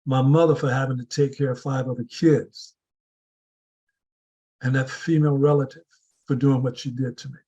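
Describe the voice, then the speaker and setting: A man giving a deliberate motivational speech to a club audience, building his points with repeated rhetorical questions. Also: medium pitch, fairly even intonation, mellow, slightly rough, muffled recording. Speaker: club speaker.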